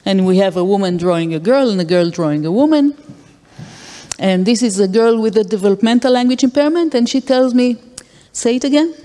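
A woman's voice: medium pitch, a little fast, warm tone. A woman giving an academic lecture, explaining with acted-out examples and frequent fillers. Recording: long hall reverb.

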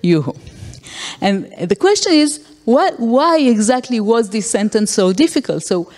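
A woman's voice: a little high, animated, normal speed, a little mellow. A woman giving an academic lecture, explaining with acted-out examples and frequent fillers. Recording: long hall reverb.

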